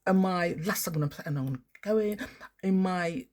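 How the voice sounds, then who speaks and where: A woman's voice: on the low side, fairly quick, a little mellow. A woman, ranting and swearing heavily in an angry, rambling monologue outdoors. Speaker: spiritual vlogger.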